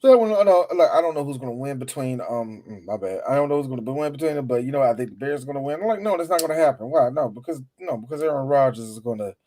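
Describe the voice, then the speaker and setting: Animated man in profane sports banter. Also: medium pitch, quick pace, few pauses, a little hiss or hum. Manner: animated, profane, mock voices. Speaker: podcast co-host. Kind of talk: casual sports chat.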